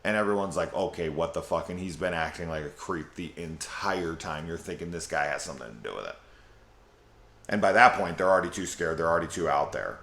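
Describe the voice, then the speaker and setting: A man with a very deep voice talks through a film in a loose, rambling way. He swears freely and gets excited about what he liked. The room around him has a noticeable echo. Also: brisk. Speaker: film reviewer. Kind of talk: casual spoiler review. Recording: echoey room.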